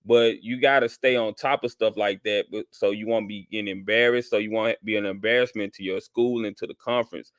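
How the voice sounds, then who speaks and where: A man's voice: fairly low pitch, fairly even intonation, brisk, hardly any pauses, no room sound. A man hosting a call-in show, talking with callers in an easygoing, sympathetic way. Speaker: host.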